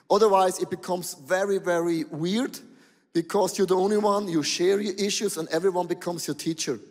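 High-voiced animated male preacher. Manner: animated, exclaiming, non-native phrasing. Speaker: pastor. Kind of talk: sermon. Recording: long hall reverb.

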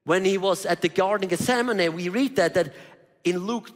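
A man's voice: high voice, normal speed. A man preaching a conversational sermon, full of rhetorical questions and voiced quotes from Bible figures. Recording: reverberant hall.

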